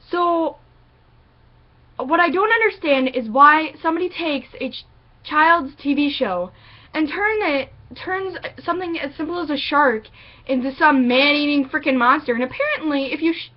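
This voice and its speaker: Brief: high-pitched woman vlogger, sarcastic and profane, muffled lo-fi sound. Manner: sarcastic, profane, animated ranting. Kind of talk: ranting vlog monologue.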